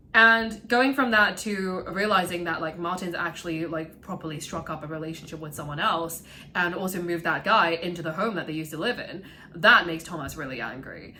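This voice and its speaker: A woman giving casual film commentary, animated and profane, often laughing. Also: fairly low pitch, normal speed. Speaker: vlogger reviewing a film.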